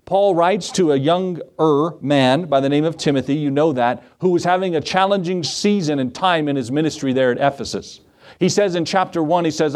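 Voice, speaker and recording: Preaching in a church sanctuary, a man serving as pastor keeps his sermon conversational, with asides and questions for the congregation. His voice is a little high and a little mellow, and he moves briskly.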